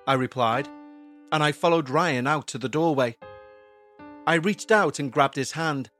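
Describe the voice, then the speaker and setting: A man narrating a scripted horror story in a slow, measured, tense way. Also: on the high side, fairly bright tone. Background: faint background music.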